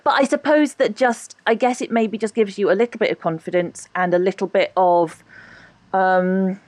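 A woman's voice: mid-range voice, fairly even intonation, moderate pace, a little mellow, no echo. A woman with a posh voice, a guest on a podcast, chatting animatedly, laughing often and hedging her points. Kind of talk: casual interview chat.

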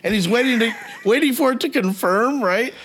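A middle-aged man co-hosting a podcast, telling animated stories in casual chat, swearing freely and acting out what people said. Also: very high-pitched, normal speed. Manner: animated storyteller, swears freely, acts out quotes. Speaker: podcast co-host.

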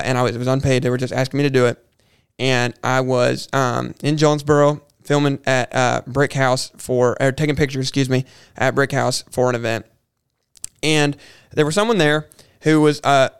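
A man's voice: medium pitch, clean tone, no room sound, clean studio sound. A young man, a podcast guest telling a personal story, earnest and often restarting his words. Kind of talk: casual storytelling interview.

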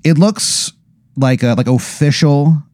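A man's voice: fairly high pitch, takes it slowly, darkish tone, no room sound. A young man telling a long comedic hypothetical, rambling and profane, with many fillers. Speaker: podcast co-host. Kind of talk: comedic storytelling.

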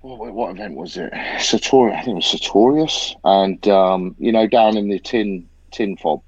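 Man, very low voice, sweary anecdote teller, slightly dull recording. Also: moderate pace, no room sound. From Britain. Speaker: podcast host, ex-soldier event organiser. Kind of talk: casual chat, anecdote.

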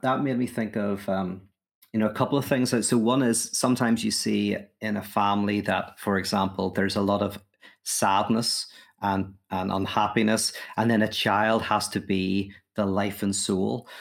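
Flat, low-voiced man explaining. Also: normal speed, vocal fry. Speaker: podcast co-host. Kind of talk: casual discussion.

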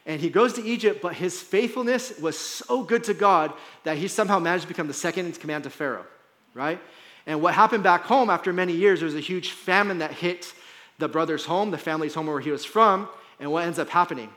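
Speaking in a church hall, this man delivers a sermon as a pastor in a chatty, conversational way, peppering it with "right?" and "like." The voice is high, brisk, and a bit bright.

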